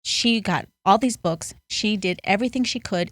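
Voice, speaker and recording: A woman's voice: medium pitch, animated, quick pace, hardly any pauses, no room sound. A woman life coach, a podcast guest, telling a story earnestly. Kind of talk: conversational interview.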